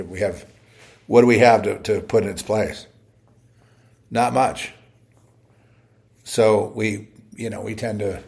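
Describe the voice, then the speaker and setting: A man's voice: on the low side, vocal fry, a little mellow, slightly rough. A man giving a short, blunt devotional message while short of breath and on oxygen as he recovers. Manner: blunt and plain-spoken, with rising bursts of exhortation.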